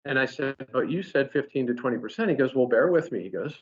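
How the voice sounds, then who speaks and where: A man's voice: mid-range voice, fast talker. Man telling a story, dull recording. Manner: animated anecdote-telling with frequent restarts. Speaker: engineer at a company experience center. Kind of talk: casual storytelling in a recorded talk. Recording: dull lo-fi sound.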